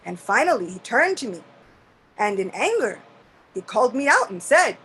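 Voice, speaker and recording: A woman's voice: on the high side, sing-song, normal speed, fairly bright tone, breathy edge, heavily acted, rough recording. A woman voicing Lord Brahma, an elderly male creator god who earnestly blames himself, in a devotional story. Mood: self-reproaching. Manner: self-reproaching, earnest, emphatic.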